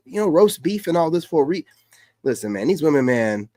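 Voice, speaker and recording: A man's voice: fairly high pitch, sing-song, brisk, dark tone, no room sound, clean studio sound. Brash mocking male reaction streamer. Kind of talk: casual commentary over a podcast clip.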